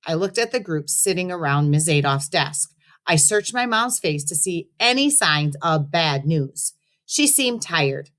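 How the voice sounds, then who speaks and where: A woman's voice: low-pitched, expressive, unhurried, fairly bright tone. Woman reading a story aloud. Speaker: teacher reading aloud to students.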